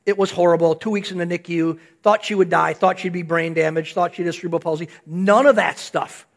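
A man's voice: high voice, steady tone, fairly quick. An older man, a grandfather, giving a conversational sermon, telling a story and putting rhetorical questions to his congregation. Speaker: pastor.

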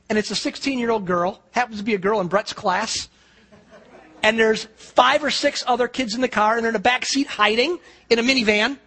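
Husky high-voiced male pastor preaching. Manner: storytelling, animated, acts out quoted voices. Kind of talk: sermon.

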